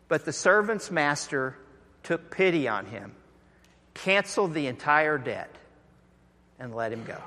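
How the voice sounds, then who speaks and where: A man preaching a sermon in a conversational, deliberate way, going soft for emphasis. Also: on the high side, very animated, long reverb tail. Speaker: pastor.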